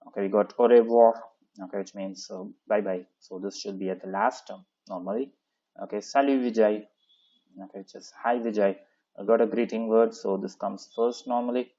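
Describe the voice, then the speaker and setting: A man walks through a French textbook lesson, starting nearly every sentence with "okay, so" before reading out French phrases. His voice sits fairly low. The recording is dull and lo-fi. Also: fairly even intonation, normal speed, mellow. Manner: explains in English, reads French aloud, many "okay, so" fillers. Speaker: French teacher. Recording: dull lo-fi sound.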